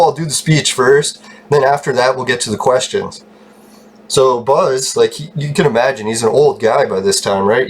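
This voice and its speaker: A man telling a long rambling story in a casual vlog, swearing freely, getting excited and laughing often. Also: medium pitch, breathy edge. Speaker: channel host telling a story.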